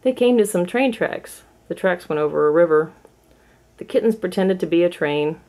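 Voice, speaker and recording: A woman reading a children's storybook aloud in a clear, measured storytelling manner. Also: on the low side, lively intonation, darkish tone. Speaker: storybook reader. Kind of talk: storybook read-aloud for kids.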